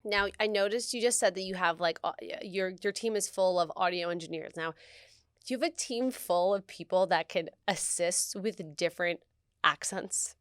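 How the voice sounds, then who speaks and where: A woman's voice: on the low side, normal speed, no echo, studio quality. A woman hosting an interview from home, chatting in a bubbly, self-deprecating way and saying "like" often. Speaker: interview host. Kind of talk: casual chat.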